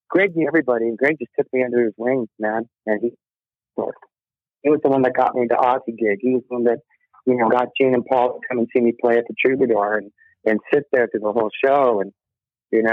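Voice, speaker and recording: A middle-aged man with a mid-range voice, appearing as a rock musician guest, shares stories in a relaxed interview, voicing quotes and laughing a lot. The audio comes through a tinny, dry phone line with no room sound.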